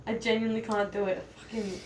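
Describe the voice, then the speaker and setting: A woman's voice: on the high side, flat delivery, fast, a little mellow, slight background noise. A young woman chatting casually, giggly and swearing freely. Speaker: carer. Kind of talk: casual chat. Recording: echoey room.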